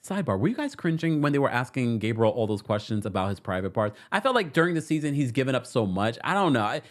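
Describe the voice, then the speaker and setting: A man's voice: medium pitch, very animated, fast talker. A young adult man hosting a casual reality TV recap show, sassy and chatty as he reads viewer comments and gives his takes. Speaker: host.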